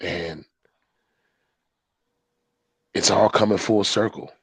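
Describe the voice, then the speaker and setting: A man being interviewed as a podcast guest, telling a personal story in casual talk. He jumps between low, mumbled asides and loud, excited quotes, with a lot of slang and "right?" and "you know" tags. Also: takes it slowly, gravelly, husky, no echo.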